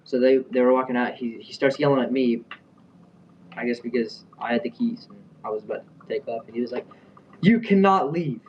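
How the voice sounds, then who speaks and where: A man's voice: mid-range voice, level tone, a little fast, slight background noise. A young man casually telling a story, rambling with fillers and restarts. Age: young adult. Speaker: vlogger. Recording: dull sound, a bit far from the mic.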